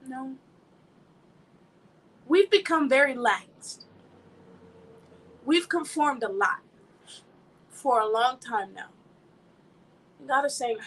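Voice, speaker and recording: Woman minister, high bright voice, emphatic and chatty, mixes preaching with personal stories. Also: extremely slow, pauses often, slightly rough, rough recording. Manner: emphatic, conversational, laughs while telling stories. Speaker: ministry speaker. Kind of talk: informal sermon with personal anecdotes.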